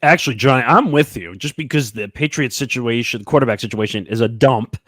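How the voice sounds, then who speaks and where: A man hosting a sports podcast segment, briskly announcing games and point spreads and giving his own takes. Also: mid-range voice, fairly bright tone, no room sound. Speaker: podcast host running the segment. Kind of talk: casual sports betting talk.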